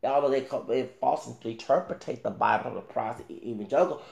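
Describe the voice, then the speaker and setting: Male vlogger with a gravelly voice, rambling rant straight to camera, recorded in an echoey room. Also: mid-range voice, fast, a little mellow. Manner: rambling, with many restarts and fillers; talks back directly to another creator. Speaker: YouTuber. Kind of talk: casual ranting commentary.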